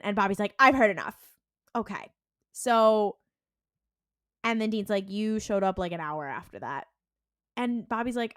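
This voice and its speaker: A woman's voice: medium pitch, no echo, studio quality. Woman animatedly retelling a TV episode. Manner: animated retelling, acting out lines in quick character voices; heavy use of "like" and "and he's like". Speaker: podcast co-host. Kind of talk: casual episode recap.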